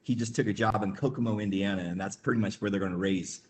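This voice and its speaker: A man's voice: on the low side, steady tone, fast. Rambling Midwestern man telling a story. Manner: rambling, laughing, many fillers; acts out quoted voices. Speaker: webinar guest. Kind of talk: casual storytelling.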